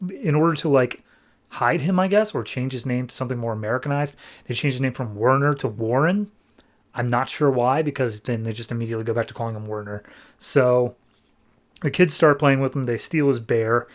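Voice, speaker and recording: An enthusiastic man retelling a comic's plot for a podcast audience. He sits at a middle pitch, and his casual delivery is full of "like" fillers, speeding up when something excites him. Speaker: comic book podcast reviewer. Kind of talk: casual plot recap and review.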